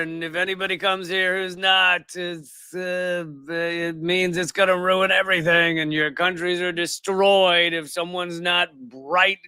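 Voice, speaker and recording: Ranting live about news clips, this middle-aged political commentary host sounds heated, sarcastic, and mocking. His high voice is pushed, bright, and smooth, in a studio-quality recording without echo.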